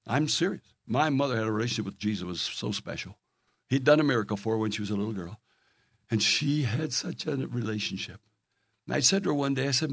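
Older male preacher, mid-pitched, earnest storyteller, swings loud to hushed, dry close sound. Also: expressive, a little fast, vocal fry, slightly rough, no room sound. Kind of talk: sermon.

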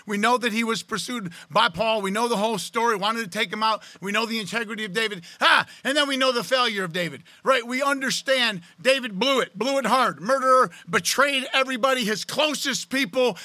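High bright voice, guy preaching loud and juiced, dry close sound. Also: dry recording. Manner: loud, excited preaching with sudden drops to quiet. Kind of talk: sermon. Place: church sanctuary.

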